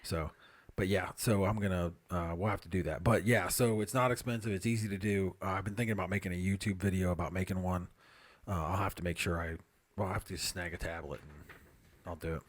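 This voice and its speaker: A man's voice: deep voice, fairly even intonation, a little fast. A man co-hosting a podcast in casual chat, joking and teasing the others as he reads out emails. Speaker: podcast co-host.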